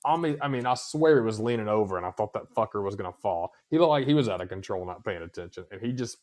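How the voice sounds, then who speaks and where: A man's voice: lowish voice, lively intonation, fast talker, a little mellow. A man co-hosting a podcast, telling stories in crude casual chat and swearing a lot. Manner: profane storytelling, swears constantly. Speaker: podcast co-host.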